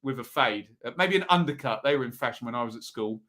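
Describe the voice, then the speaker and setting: He's a football predictions host chatting live with his audience, voice bright, animated and mid-range. Viewer comments get read aloud between fast little asides in his talkative delivery.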